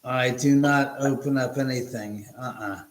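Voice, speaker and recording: A man's voice: medium pitch, unhurried, roomy sound, rough recording. A man hosting a live stream, chatting casually and telling stories, swearing freely. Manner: animated storyteller, swears freely. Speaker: host.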